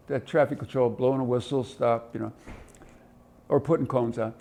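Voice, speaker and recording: This Ohio veteran, a man in his seventies, speaks in a brisk, mid-range voice. He tells lively stories for an oral history interview, imitating voices and sounds along the way.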